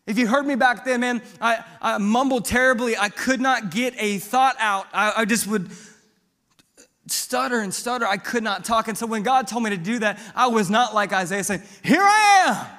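A young male pastor from Missouri, preaching in a high, bright voice that rings down a long church hall. He tells his story quietly at first, then builds to loud, fervent calls. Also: moderate pace. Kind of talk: sermon with personal testimony. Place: church sanctuary.

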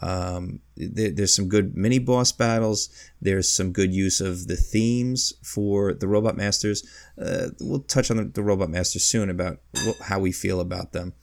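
Gravelly low-voiced man in casual podcast chat. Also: steady tone, a little slow, no echo, clean studio sound. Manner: rambling, reels off long lists, chuckles mid-sentence. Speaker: podcast co-host. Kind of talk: casual podcast chat about video games.

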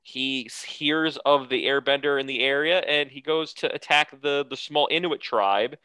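A man's voice: mid-range voice, moderate pace, bright, forceful tone, clean tone, dry recording. A man co-hosting a casual podcast, recapping a cartoon episode and breaking into silly character voices. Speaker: podcast co-host.

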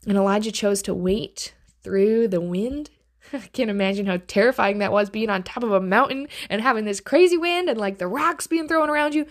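With an animated, medium-pitched voice at normal speed, she earnestly reads from and teaches the Bible on her devotional podcast. On key phrases, her voice frequently sinks to a hushed near-whisper.

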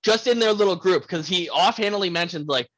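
A man's voice: sits high, fairly quick, no echo, poor audio. A young man hosting a podcast, chatting casually and animatedly about a film, swearing freely and acting out lines. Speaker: podcast host. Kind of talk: casual film review chat.

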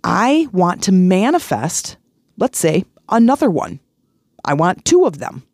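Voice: mid-range voice, very animated, measured pace, a little mellow, no room sound. Earnest middle-aged podcast host, dry sound. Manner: earnest, repetitive, chatty, with fillers and restarts. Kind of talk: casual motivational talk with personal stories.

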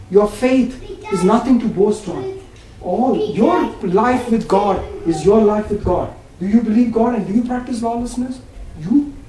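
A man's voice: very high voice, mellow. A man preaching a sermon, emphatic and full of repeated questions to his listeners. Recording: very echoey room, distant mic, faint ambience.

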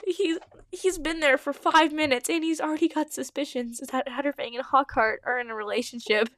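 A woman's voice: sits high, steady tone, fairly quick, fairly bright tone, dry recording, clean studio sound. A young woman reading her old fan story aloud with giggly, self-mocking asides. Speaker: podcast host reading her own old writing.

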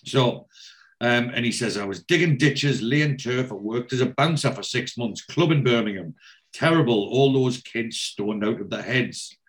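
A man's voice: medium pitch, animated, normal speed. Chatty man retelling a story, quoting lines. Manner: retells scenes line by line, quoting dialogue with many "he says". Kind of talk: casual chat recapping a TV episode.

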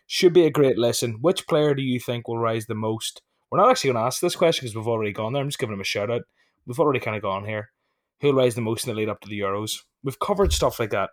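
A man's voice: medium pitch, quick pace. A man hosting a casual podcast over drinks, jokey and loose, swearing freely in banter. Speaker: podcast host.

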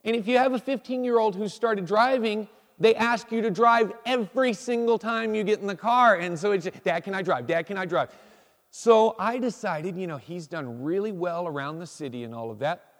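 Higher-voiced folksy pastor in a reverberant hall. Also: male voice, moderate pace, hardly any pauses. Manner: folksy, self-deprecating, frequent restarts. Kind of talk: casual sermon. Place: church sanctuary.

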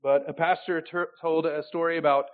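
Pastor guy preaching, high voice, goes loud then real quiet, sounds like a phone line. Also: little pitch movement, moderate pace. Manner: swings between loud emphatic declarations and quiet intimate asides. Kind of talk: sermon.

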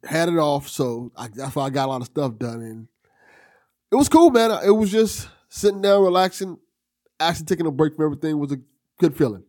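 A man's voice: a little high, expressive, a little fast, darkish tone, no room sound, studio quality. A man co-hosting a casual podcast, talking in an easygoing way and laughing often. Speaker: podcast co-host. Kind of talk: casual chat.

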